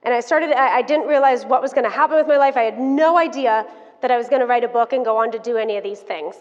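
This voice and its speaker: A woman in her thirties giving a motivational keynote talk, telling her story in an animated, frank and playful way to the audience. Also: a little high, quick pace. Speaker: keynote speaker. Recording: dull sound, long hall reverb.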